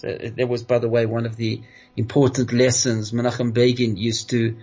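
A middle-aged man giving a sermon as a rabbi, heartfelt and halting, often restarting, with Hebrew religious terms worked into his speech. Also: mid-range voice, flat delivery, a little mellow, breathy edge. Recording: dull lo-fi recording.

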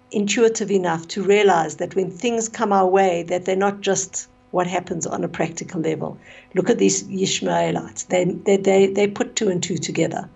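A woman's voice: mid-range voice, creaky, slightly rough, muffled recording. Woman telling a story on radio. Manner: expressive retelling with fillers.

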